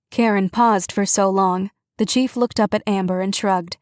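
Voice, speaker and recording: A woman narrating a cozy mystery audiobook in an even, unhurried manner. Her voice sits in a middle pitch, recorded close and dry with no room sound. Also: dry recording. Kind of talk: scripted narration.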